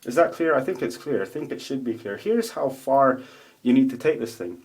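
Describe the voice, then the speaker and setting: A man in a casual, rambling video monologue, swearing a lot as he tells stories in an animated way. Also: mid-range voice, normal speed, gravelly. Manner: profane, rambling, animated storytelling. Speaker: vlogger. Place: home room with a roommate nearby.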